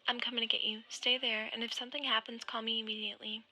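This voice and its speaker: A woman's voice: a little high, level tone, fast talker, sharp tone, low-quality recording. A woman voicing an urgent, worried teenage boy. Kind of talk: soft-spoken ASMR fanfic reading.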